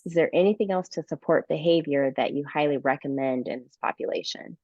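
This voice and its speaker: A woman's voice: sits low, brisk, darkish tone, dry recording. A woman moderating a webinar, reading audience questions aloud and giving short affirmations. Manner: reads questions, affirming ums and laughs. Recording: dull dry webinar audio.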